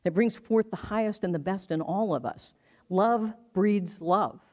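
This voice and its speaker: A minister in their sixties from the United States, preaching slowly and reflectively, telling a personal story and repeating words for emphasis. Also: medium pitch, a little mellow. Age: 60s. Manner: slow, reflective, with emphatic repetition. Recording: slightly dull lo-fi stream audio.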